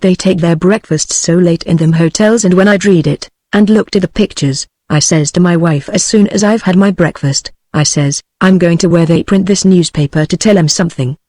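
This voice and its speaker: A man's voice: high-pitched, no echo, clean studio sound. A text-to-speech voice with a British English accent reading the lines of a shy, rustic middle-aged male farmer in an audiobook. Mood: chatty. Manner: even, unhurried text-to-speech delivery.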